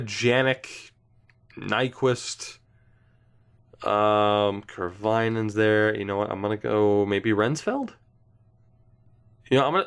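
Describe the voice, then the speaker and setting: A young man giving casual, indecisive gameplay commentary, talking to himself and swearing now and then. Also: fairly low pitch. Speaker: gaming YouTuber.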